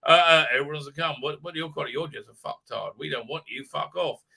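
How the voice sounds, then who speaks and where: A man hosting a live stream, ranting profanely and mocking characters in squeaky put-on voices. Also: quick pace, creaky, bright, forceful tone, husky. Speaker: show host.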